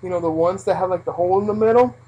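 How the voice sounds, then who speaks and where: Husky young adult rambling through work stories. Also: mid-range voice, racing, mellow, poor audio. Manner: rambling, heavy use of like and you know. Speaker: vlogger recounting fast-food job. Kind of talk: casual storytelling.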